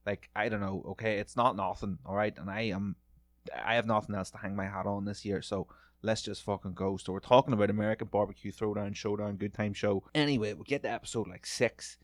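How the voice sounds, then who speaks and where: Profane, rambling man with a low voice. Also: fairly even intonation, fairly quick, dry recording, studio quality. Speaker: podcast host. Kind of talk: comedic solo rant.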